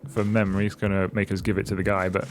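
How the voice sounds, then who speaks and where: A man's voice: sits low, flat delivery, fast talker. A man casually commenting on a video game as he plays, reading on-screen dialogue aloud with jokey asides, over faint music. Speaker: gaming channel host.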